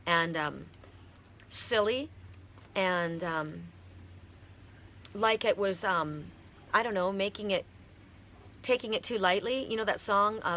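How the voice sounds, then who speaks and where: A middle-aged woman from Canada giving a heartfelt, halting oracle card reading on a live stream. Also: medium pitch, bright, forceful tone, slight background noise.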